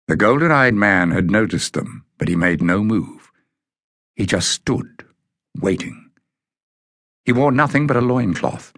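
A man narrating a children's fantasy audiobook in a measured, deliberate way. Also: fairly low pitch, a bit bright, no echo, clean studio sound. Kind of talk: scripted narration of a children's novel.

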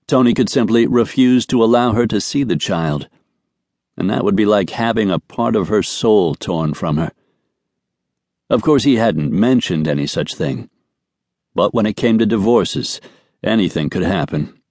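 List: male narrator, fairly low voice, measured storytelling, dry close mic. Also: lively intonation, darkish tone, dry recording. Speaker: audiobook narrator. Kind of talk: scripted narration. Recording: dry studio recording.

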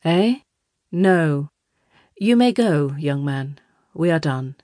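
An aging emperor musing aloud in an easy, conversational way, read by a woman. The voice sits low and sounds close and dry. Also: lively intonation, dark tone, no echo. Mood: dismissive. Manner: conversational, unhurried.

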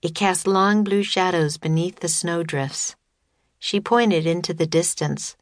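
A woman reading her own children's book as an audiobook, with measured storytelling on a close studio mic. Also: lowish voice, dry recording. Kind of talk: scripted narration of a children's audiobook.

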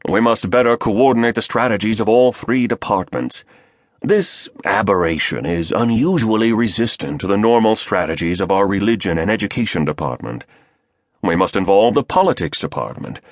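A man voicing a smug, scheming male conspirator with a British accent and a baritone voice, measured and sneering. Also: no echo, clean studio sound.

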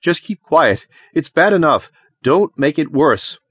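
A miserable, panicky young man begs his friend to keep quiet, as an audiobook reader puts him on. His voice sits higher and more strained than the narration and swoops with distress. The recording is close and dry. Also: sing-song, a little slow, husky, no echo, exaggerated voice. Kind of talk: audiobook character voice.

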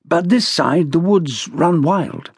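A man's voice: fairly high pitch, expressive, slow pace, husky, no room sound, clean studio sound, heavily acted. A man voicing an older aristocratic landowner, polite, well-spoken and eager to help.

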